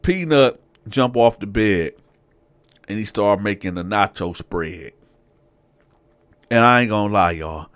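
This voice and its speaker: A man's voice: measured pace, long pauses, no echo. A man, casually telling a prison story to his audience and acting out the quotes. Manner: animated, acts out quotes with rising pitch. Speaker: storyteller, show host.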